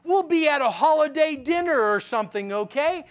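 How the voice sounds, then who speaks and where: A man from Pennsylvania telling his testimony in a sermon, folksy and animated, checking in with "okay?" and swinging from loud punchlines to low, grave lines. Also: moderate pace. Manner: folksy, talks straight to the audience with "okay?". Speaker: guest speaker giving a testimony.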